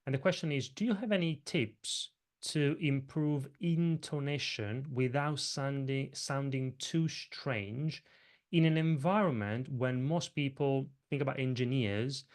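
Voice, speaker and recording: A man's voice: medium pitch, a little slow. A man hosting an online session, reading out audience questions and hesitating as he repeats words, on a video call mic. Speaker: host and moderator.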